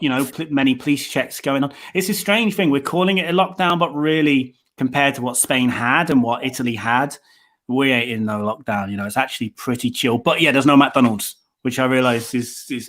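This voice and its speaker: A man's voice: mid-range voice, fairly quick, few pauses, a bit bright. A man from near Coventry with a mild English Midlands accent, chatting casually as a podcast guest over a call, rambling with lots of restarts. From England, near Coventry. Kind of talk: casual chat.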